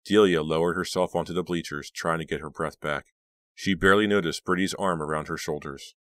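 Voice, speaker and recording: Very deep-voiced male audiobook narrator. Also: a little fast, no room sound, studio quality. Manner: steady, dramatic reading. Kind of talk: scripted narration.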